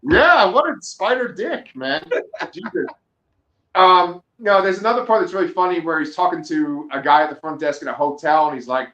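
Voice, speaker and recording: A foul-mouthed man co-hosting a podcast chats casually with a fairly high voice, joking and swearing his way through stories. The sound is echoey, as if he is in a bare, hard-walled room. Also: moderate pace, dull audio. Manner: profane, joking, animated storytelling. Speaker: podcast co-host. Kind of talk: casual chat.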